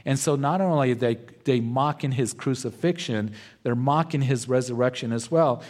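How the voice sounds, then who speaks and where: Brief: male pastor, mid-pitched voice, measured verse-by-verse sermon delivery. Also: darkish tone. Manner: slow, deliberate, verse-by-verse teaching. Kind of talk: expository sermon.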